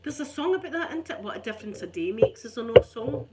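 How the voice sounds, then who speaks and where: A woman's voice: a little high, expressive, fast talker, very noisy. A middle-aged woman with a Scottish accent, rambling in casual chat as an ASMR channel host, chatty and self-mocking. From Scotland.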